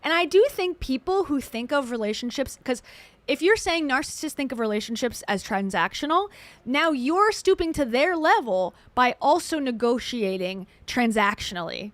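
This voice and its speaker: A woman hosts a reaction commentary in a wry, skeptical tone. Her voice is a bit higher than most, and the sound is close and dry. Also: animated, moderate pace, no room sound. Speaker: commentary host.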